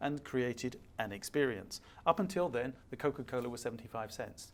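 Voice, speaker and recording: A man's voice: medium pitch, animated, moderate pace, few pauses, slight background noise. An older man, a guest speaker at a fireside chat, telling stories emphatically and acting out the dialogue.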